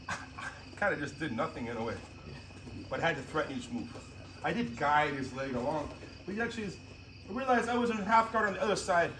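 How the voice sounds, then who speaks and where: A man teaching jiu-jitsu technique on the mat, talking casually and laughing often while he demonstrates. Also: on the high side. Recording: noisy gym audio.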